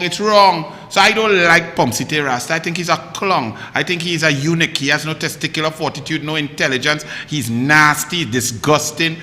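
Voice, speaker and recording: High, bright-voiced Trinidadian man ranting. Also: in a large hall. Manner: mocking, rapid-fire rhetorical questions in dialect. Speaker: political commentary host. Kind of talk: heated political commentary.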